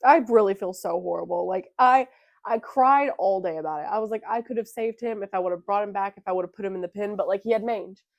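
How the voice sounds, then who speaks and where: A woman's voice: medium pitch, fast talker, creaky, dry recording. A young woman co-hosting a podcast, telling a story in casual chat, cursing freely and acting out what others said. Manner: profane, animated storyteller acting out quotes. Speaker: podcast co-host.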